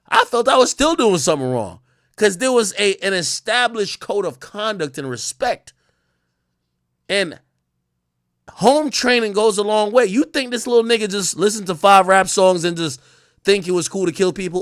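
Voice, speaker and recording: A man hosting a livestream, ranting in profane, animated commentary that swings from loud outbursts to low muttering. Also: no room sound, clean studio sound. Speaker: livestream host.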